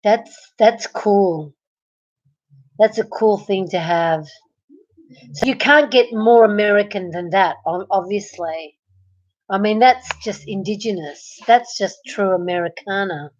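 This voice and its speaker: A woman's voice: medium pitch, slow, muffled recording. An Australian woman chatting on a live stream from her bed at night, greeting viewers and reading their comments aloud. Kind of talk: casual live-stream chat.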